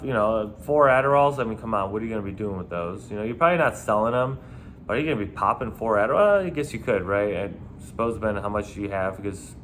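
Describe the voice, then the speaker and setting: A man's voice: on the low side, a bit bright, a little hiss or hum. A man who used to work as a nightclub bouncer tells stories in a casual, profane and rambling way. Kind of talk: casual storytelling.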